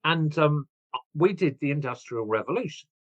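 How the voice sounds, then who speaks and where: A man in his sixties, an author guest, telling his story in an animated, chatty way and laughing at himself. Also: a little high, moderate pace, lo-fi sound. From England. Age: 60s. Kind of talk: casual interview chat.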